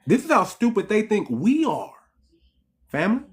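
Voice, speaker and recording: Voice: medium pitch, big pitch swings, normal speed. Fired-up commentary host speaking to viewers. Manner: heated, repetitive, keeps calling the audience "family"; rhetorical questions, emphatic restarts. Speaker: channel host. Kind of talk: impassioned commentary monologue.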